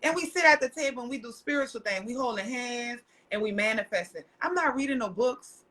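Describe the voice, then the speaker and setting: A woman, telling personal stories as a podcast guest in loud, profane, laughing casual chat. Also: fairly high pitch, fairly quick.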